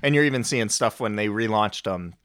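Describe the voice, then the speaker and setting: A man with a fairly low voice co-hosting a podcast, musing thoughtfully with plenty of "um"s and "you know"s. The recording is close and dry. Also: a little fast, a bit bright, dry recording. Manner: reflective, thoughtful, with frequent fillers. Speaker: podcast co-host. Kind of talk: casual chat.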